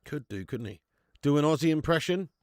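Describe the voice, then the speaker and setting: A man's voice: a little high, expressive, brisk, a little mellow, no echo, studio quality. A man hosting a live football watch-along, chatting casually, bantering and reading out viewers' comments. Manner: jokey, banter-filled, reads out chat comments.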